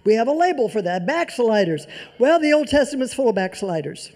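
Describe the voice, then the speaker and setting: A preacher delivering a sermon, stressing points through repetition and shifting between loud emphasis and soft, near-whispered lines. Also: mid-range voice, very animated, brisk. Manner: emphatic repetition of key phrases.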